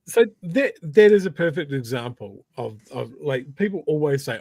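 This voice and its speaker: Animated New male co-host. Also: fairly high pitch, normal speed, husky, no room sound. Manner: animated and emphatic, with repeated words. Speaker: podcast co-host. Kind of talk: casual political chat.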